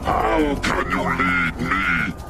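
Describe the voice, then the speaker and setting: A performer voicing a menacing female vampire moon with a very deep, gravelly voice in a cartoon. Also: little pitch movement, very slow, pushed and bright, soft background music, exaggerated voice. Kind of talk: cartoon voice acting.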